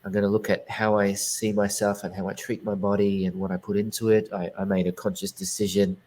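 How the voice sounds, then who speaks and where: A man's voice: on the low side, level tone, fairly quick, darkish tone, low-quality recording. A man, a guest psychic medium, telling his story in a casual interview, earnest and rambling with many restarts.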